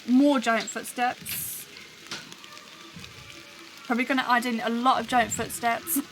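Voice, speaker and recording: Building a soundscape live on her show, this host chats, muses aloud, and talks to her livestream's chat. Her voice is a little high and a bit bright, and the low-quality recording has slight background noise.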